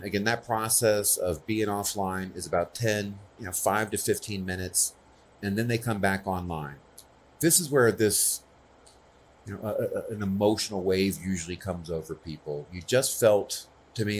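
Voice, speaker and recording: Husky low-voiced man giving a talk. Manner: earnest, personal, often asks "right?". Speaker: conference speaker. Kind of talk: conversational conference talk.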